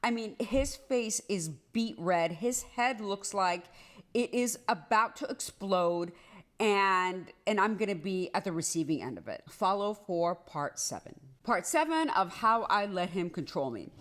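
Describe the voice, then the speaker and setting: Animated woman telling a personal story. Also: mid-range voice. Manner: animated, rushed, repeats herself with many "like"s. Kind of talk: casual storytime monologue.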